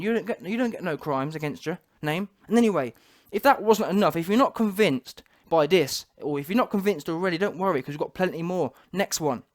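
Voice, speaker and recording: A man hosting a commentary channel, talking emphatically and repeating rhetorical questions. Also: sits high.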